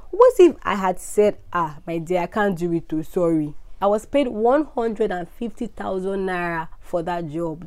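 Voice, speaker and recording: Young nigerian woman, slightly low voice, earnest devotional host, scripture reading and prayer. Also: a little mellow. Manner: earnest and emphatic, reads scripture aloud. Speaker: host of a Bible devotional podcast. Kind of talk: casual Bible teaching and prayer.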